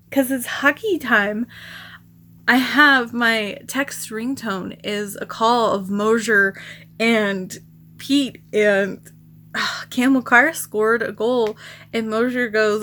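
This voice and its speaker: A woman vlogger rambling casually, often sighing and restarting her sentences, speaking softly and sometimes trailing into a whisper. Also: fairly high pitch. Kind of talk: casual rambling vlog chat.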